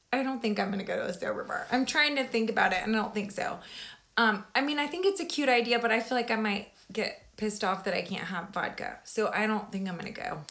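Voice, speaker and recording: A woman chatting casually with her viewers about her recovery, digressive and quick to laugh, with sudden animated outbursts. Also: on the high side. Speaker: vlogger sharing her recovery story. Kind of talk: casual live chat with viewers.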